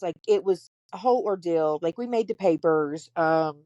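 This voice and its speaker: Blunt woman, low and dry. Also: moderate pace, no echo, muffled recording. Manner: candid, blunt and profane, animated retelling. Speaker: podcast host. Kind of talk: casual storytelling chat.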